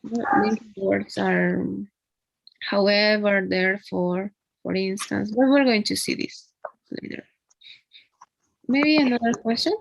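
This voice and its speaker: Woman teaching english online, slow and patient, bit of vocal fry. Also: medium pitch, dry recording, lo-fi sound. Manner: patient explaining, frequent tag "no?". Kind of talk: one-on-one online English lesson.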